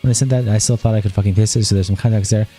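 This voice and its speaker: A male streamer reading a long exchange of text messages aloud in a rapid, flat delivery. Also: lowish voice, husky, faint music behind.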